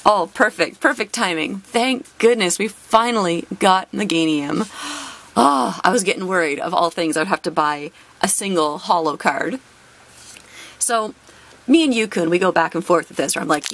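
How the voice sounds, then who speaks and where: Animated woman telling a funny story. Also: lowish voice, moderate pace. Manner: animated, exasperated storytelling with laughs. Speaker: channel host and teacher. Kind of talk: storytelling while opening a card box.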